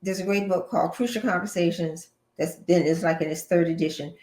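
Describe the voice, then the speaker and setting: Lively middle-aged woman giving advice. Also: lowish voice, fairly quick, echoey room. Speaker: co-host of a marriage show. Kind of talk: casual advice chat.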